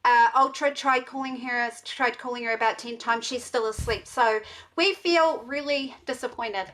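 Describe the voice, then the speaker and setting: A woman with a high voice co-hosts a live stream. She talks haltingly, with many fillers, explaining things to a guest. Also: fairly bright tone. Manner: hesitant, filler-heavy. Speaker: streamer co-host. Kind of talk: casual group stream chat.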